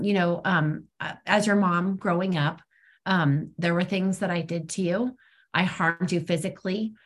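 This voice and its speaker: Woman, middle-aged, casual, candid, online meeting call, hesitant fillers. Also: lowish voice. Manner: frank and conversational, many ums. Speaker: twelve-step meeting speaker. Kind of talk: personal sharing at a recovery meeting.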